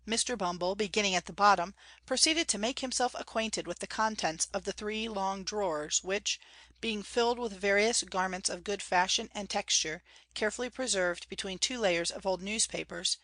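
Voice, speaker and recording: A woman reads a classic novel aloud in a measured, clear storytelling manner. Her voice sits at an ordinary middle pitch. The recording is dry and close to the mic. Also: a bit bright, no echo. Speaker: audiobook reader. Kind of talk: audiobook narration.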